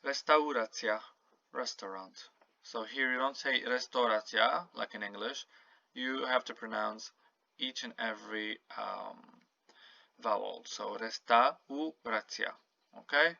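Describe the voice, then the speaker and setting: A man teaching a casual language lesson, slowly and patiently modelling each word and repeating it for the learner. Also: lowish voice, gravelly, pushed and bright, no room sound. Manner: slow, patient, repeats words to model pronunciation. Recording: dull lo-fi home recording.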